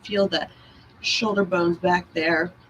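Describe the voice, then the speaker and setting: A woman instructor calmly guiding a breath and bodywork class, cueing body lines and breathing. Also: lowish voice, slight background noise, low-quality recording. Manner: slow, calm, guiding cues. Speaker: movement instructor.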